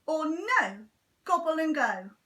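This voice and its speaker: A woman's voice: sits high, very animated, slow pace, pushed and bright, voice pushed up, heavily acted. A woman reading a storybook aloud and voicing a stern father who insists on eating vegetables. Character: stern, veggie-loving father.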